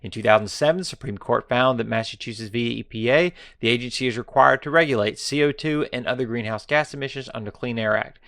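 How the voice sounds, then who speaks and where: A man's voice: medium pitch, fast, gravelly, few pauses, fairly bright tone, dry recording, studio quality. A man hosting a political commentary monologue, sarcastic and mocking, taunting his viewers and now and then dropping to a whisper for effect. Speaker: commentary show host.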